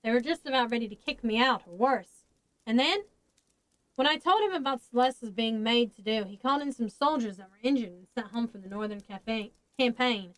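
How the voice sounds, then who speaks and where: A woman's voice: on the high side, expressive, moderate pace, dry recording, lightly acted, poor audio. A woman voicing a weary, blunt grown man in a storybook reading, talking plainly.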